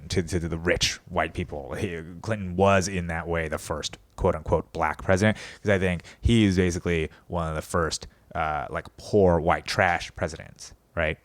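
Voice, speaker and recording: A man's voice: low-pitched, fairly even intonation, moderate pace, no echo. A man in his thirties ranting casually and profanely, mocking politicians in put-on voices. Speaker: podcast host. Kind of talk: casual rant.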